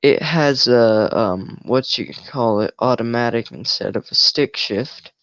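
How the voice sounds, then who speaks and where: A young man co-hosting a livestream, making dark jokes in a flat, deadpan way. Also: medium pitch, unhurried, no room sound, muffled recording. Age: teens or young adult. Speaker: livestream co-host. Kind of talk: casual livestream chat.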